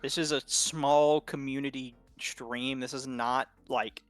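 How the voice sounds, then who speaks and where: A man's voice: mid-range voice, steady tone, slow pace, dry recording. A man from the Southern US with a light Southern accent, casually co-casting a game stream, joking and rambling. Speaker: tournament co-caster.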